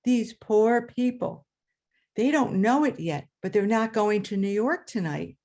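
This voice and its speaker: A woman quoting a slow-talking flight attendant. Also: a little high, lively intonation, a little mellow. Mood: confiding. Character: sympathetic female flight attendant.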